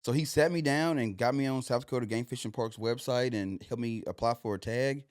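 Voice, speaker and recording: A man's voice: medium pitch, brisk, dry recording, clean studio sound. A young man, a podcast guest telling his story loosely, with lots of "like" and "you know". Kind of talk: casual storytelling.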